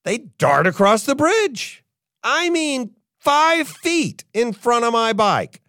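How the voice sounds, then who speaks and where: An older man preaching a sermon, telling a personal story in an animated way and acting out what people say. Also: very high-pitched, slow, dry recording, clean studio sound. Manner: animated storyteller, acts out quotes. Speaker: pastor.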